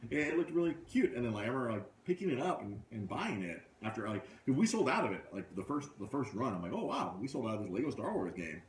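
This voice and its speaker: A man's voice: mid-range voice, fast, hardly any pauses, echoey room, a little hiss or hum. A man hosting a podcast live from a comic book shop, chatting casually and animatedly acting out funny scenes. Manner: animated storyteller, acts out scenes in funny voices. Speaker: podcast host. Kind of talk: casual chat.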